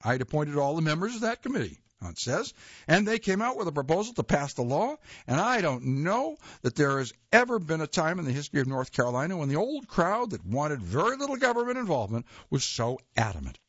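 A man reading a nonfiction history aloud in a measured way, with occasional slips and self-corrections. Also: a little high, big pitch swings, husky, no echo. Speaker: reader. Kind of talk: read-aloud nonfiction narration. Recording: dull lo-fi dry recording.

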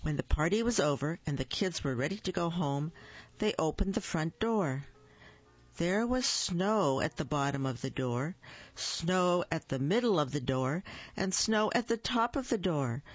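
Slow, deliberate picture-book reader. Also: mid-range voice, expressive, dry recording, lo-fi sound. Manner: slow, deliberate reading with small slips. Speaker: storyteller. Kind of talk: reading a picture book aloud.

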